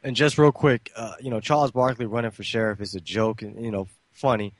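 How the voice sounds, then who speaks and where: A man's voice: mid-range voice, steady tone, fairly quick, dry recording. A male talk radio host giving loose, slangy, sarcastic commentary between clips.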